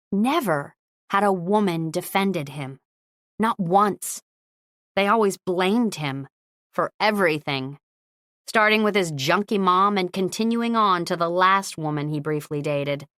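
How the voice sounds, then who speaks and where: Woman audiobook narrator, lowish voice, dry close read. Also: a bit bright, no echo. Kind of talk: scripted narration.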